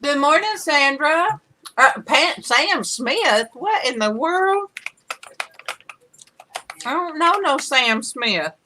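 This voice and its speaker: A woman's voice: high-pitched, animated, takes it slowly, long pauses, noisy background. A woman hosting a casual livestream, chatting and greeting viewers by name, laughing easily. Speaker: livestream host.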